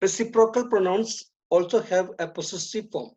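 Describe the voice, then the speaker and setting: A woman teaching an English grammar lesson, speaking deliberately, repeating and stressing key terms. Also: mid-range voice, darkish tone, slightly rough. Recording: dull lo-fi recording.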